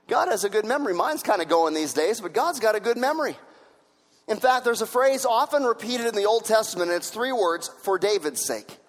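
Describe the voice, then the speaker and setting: A man with a notably high voice delivers a sermon, driving his points home through repetition. His words ring out with a long reverb, as if he stands in a large church hall. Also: expressive, moderate pace. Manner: repetitive, emphatic preaching, building to shouts. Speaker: pastor.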